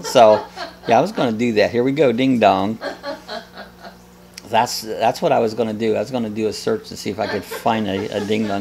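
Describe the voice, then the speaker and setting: A man's voice: mid-range voice, creaky. A man hosting a live coffee chat, blunt and jokey, laughing often as he reads viewer comments. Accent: American.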